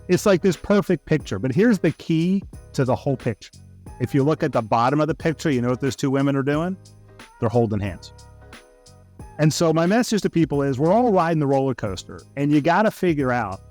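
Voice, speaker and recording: A man's voice: medium pitch, darkish tone. A middle-aged man answering an interview question with an earnest, storytelling manner, as an executive guest. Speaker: guest, customer success executive.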